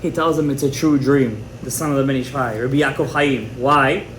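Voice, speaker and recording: A man teaching a Torah class to a live audience in an animated, emphatic way, mixing in many Hebrew terms. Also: mid-range voice, a little fast, a little hiss or hum. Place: indoor room with a live audience. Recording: echoey room with faint ambience.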